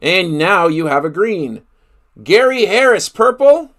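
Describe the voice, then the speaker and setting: A man's voice: sits high, big pitch swings, unhurried, a bit bright. A man hosting a live card break, calling out each player he pulls and exclaiming over the big hits. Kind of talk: live card-opening commentary.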